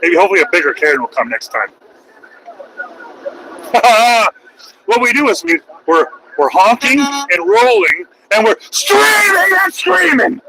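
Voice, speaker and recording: A middle-aged man, a truck driver, ranting loud, profane and mocking on a livestream. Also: sits high, very animated, unhurried, long pauses, noisy background. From United States. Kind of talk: livestream rant.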